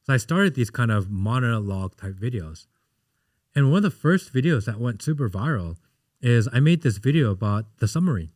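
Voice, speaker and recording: A man in his thirties, a podcast guest, chatting casually and telling animated stories in which he acts out what people said. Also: mid-range voice, moderate pace, no echo, studio quality. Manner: animated storyteller, acts out quotes. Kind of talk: casual interview chat.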